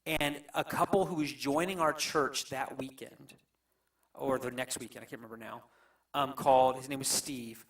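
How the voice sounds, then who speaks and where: A middle-aged man speaks as a pastor and tells a story in a halting, emotional way. His voice sits at an ordinary pitch. He is recorded from some distance across a church room. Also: fairly even intonation, a bit bright. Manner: halting, emotional, many restarts. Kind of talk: storytelling on a panel.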